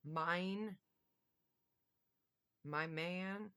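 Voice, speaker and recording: A woman's voice: on the low side, extremely slow, pushed and bright, clean tone. A woman giving a casual tarot reading to her viewers, chatty and thinking aloud with lots of fillers. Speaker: tarot reader.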